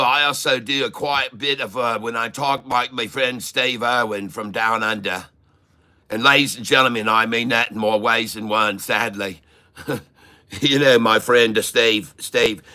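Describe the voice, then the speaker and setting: Man, live-stream host, folksy jokes, bright voice, frequent laughs, casual chat. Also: medium pitch, moderate pace. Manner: joking and folksy, laughs often, repeats words.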